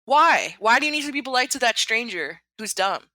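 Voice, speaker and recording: Blunt, bright-voiced woman co-host. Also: fairly high pitch, big pitch swings, fairly quick. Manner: blunt, teasing. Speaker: podcast co-host. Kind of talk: casual chat.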